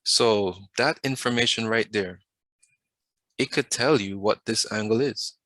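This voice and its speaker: A man's voice: fairly low pitch, measured pace, a bit bright, no room sound. A man teaching a math class over a video, often stopping to put questions to the students and waiting for answers. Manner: asks the class questions, patient.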